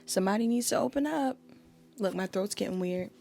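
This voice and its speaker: Woman tarot reader, casual and chatty, vocal fry, mid-range voice. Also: mid-range voice, a little fast, dark tone, soft background music. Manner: chatty, talks straight to viewers as y'all. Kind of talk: casual tarot reading to camera.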